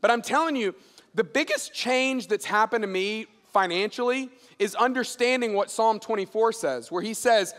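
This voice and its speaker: A middle-aged man with a fairly high voice delivers a sermon. He tells stories in a loose, conversational way and drops into a lower voice to act out the people in them. The sound carries a long reverb from a large hall. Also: moderate pace. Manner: animated storyteller acting out dialogue in a lowered voice. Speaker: pastor. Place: large church auditorium.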